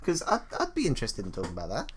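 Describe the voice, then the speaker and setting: Man, gaming co-host, casual chat, animated, lively pitch, mid-range voice. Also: very fast, slight background noise. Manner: animated, laughs often, stumbles over names.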